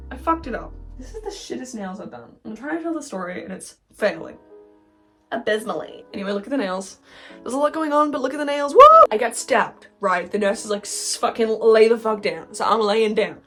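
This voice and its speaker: A young woman with a fairly high voice tells a storytime vlog from her bed, painting her nails as she goes. She rambles in a casual, animated way and swears in nearly every sentence. Soft music plays faintly behind her. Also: fairly quick. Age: young adult. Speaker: vlogger. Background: faint background music.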